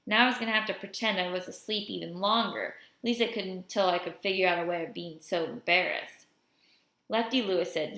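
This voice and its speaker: A woman's voice: fairly low pitch, a little fast, fairly bright tone. A woman reading a novel aloud, telling the story in the first-person voice of a boy. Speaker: audiobook reader. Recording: roomy echo.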